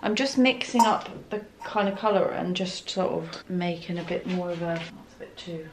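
A woman's voice: on the low side, normal speed, reverberant, a little hiss or hum. A woman chatting casually while she works in her art studio, thinking aloud and poking fun at herself. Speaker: art vlogger.

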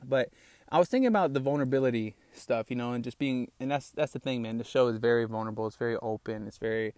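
A young man talks through his day on his own podcast, rambling and open, tossing in "bro" and "man" as he goes. He is a little out of breath. His voice sits at an ordinary pitch and is recorded dry and close. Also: quick pace, a little mellow, dry recording. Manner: rambling, candid, calls listeners "bro" and "man". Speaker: podcast host. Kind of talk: casual solo podcast talk. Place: small outdoor hideout on rural land.

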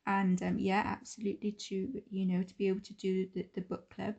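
A woman's voice: mid-range voice, little pitch movement, brisk, vocal fry, mellow, slightly rough, highs cut off. A woman co-hosting a podcast, chatting in a casual, friendly and encouraging way. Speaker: podcast co-host.

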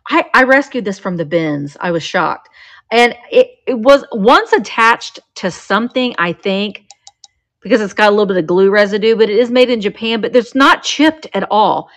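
A woman's voice: mid-range voice, animated, normal speed. A woman chatting as she runs a live sale of vintage items, describing each piece as she shows it. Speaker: live auction seller.

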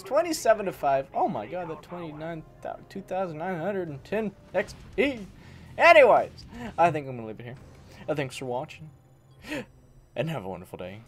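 A man's voice: fairly high pitch, darkish tone. A man giving casual commentary while playing a shooter on his computer, grumbling and swapping swear words for milder ones, his voice worn from recording too long. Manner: grumbling, swaps swears for mild words, talks to enemies. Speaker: gaming channel host. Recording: game gunfire noise behind voice.

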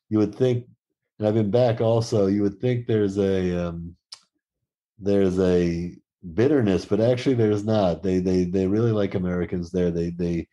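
A middle-aged man with a fairly low, mellow voice, chatting as a podcast guest. He tells his travel anecdotes with relish, slipping into the quoted voices of the people in his stories. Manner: lively anecdotal storyteller who acts out quoted exchanges. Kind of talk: casual storytelling conversation.

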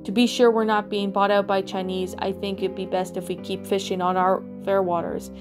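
A woman reading a creepypasta aloud, giving a male official's formal statement in a stiff, halting delivery. Soft music plays behind her. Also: mid-range voice, level tone, close to an everyday voice.

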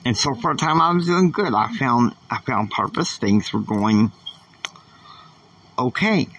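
Earnest, husky-voiced man preaching faith. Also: medium pitch, animated, unhurried, a bit bright, far from the mic, rough recording. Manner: earnest, emphatic, repetitive. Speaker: podcast host. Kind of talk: faith-based motivational monologue.

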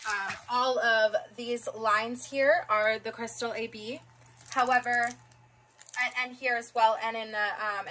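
A woman's voice: fairly high pitch, bright, forceful tone, rough recording. A woman in her twenties, chatting casually as she unboxes a craft kit and reads out long strings of numbers. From South Florida, US. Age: 20s. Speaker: craft vlogger.

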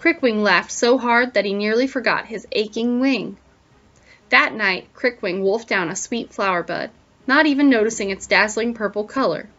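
Teacher lady reading a picture book to the kids, lively storytelling, asks them stuff, muffled lo-fi audio. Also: fairly high pitch, normal speed. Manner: expressive storytelling with questions to the listeners.

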